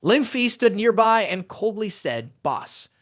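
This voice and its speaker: Story recap narrator, brisk, lively pitch, dry close sound. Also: no echo.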